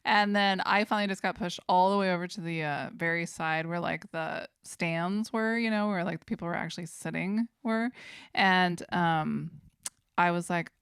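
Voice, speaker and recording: A woman in her forties hosting a podcast, telling a story in a relaxed, rambling way. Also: mid-range voice, smooth, dry recording, studio quality. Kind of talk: casual podcast chat.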